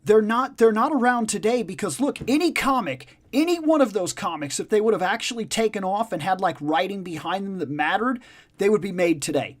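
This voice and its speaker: A man's voice: high-pitched, expressive, fairly quick. A man hosting a casual discussion chat, emphatic and profane, repeating his points for stress. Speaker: podcast host.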